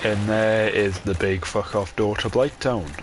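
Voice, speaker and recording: A man's voice: lowish voice, fairly even intonation, measured pace, slight background noise. A man giving casual gameplay commentary, rambling and chatty with many ums and mild swearing. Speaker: gamer.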